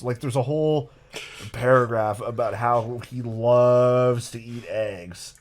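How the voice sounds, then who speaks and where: Man, podcast co-host, middle pitch, explanatory, dryly amused. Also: fairly even intonation, slow pace. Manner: explanatory, relaying odd facts with dry amusement. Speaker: podcast co-host presenting research. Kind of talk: casual podcast chat.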